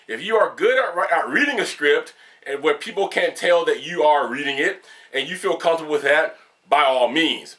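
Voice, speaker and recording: A man speaks unscripted to his camera as a video game reviewer, with a somewhat high and bright, forceful voice. He talks emphatically and candidly, straight at his viewers.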